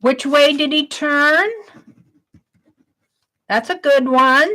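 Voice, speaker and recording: Slow, bright-voiced woman streamer. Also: high-pitched, steady tone. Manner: slow, reads out each viewer question and praises it. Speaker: art livestream host. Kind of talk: casual livestream, reading viewer questions aloud.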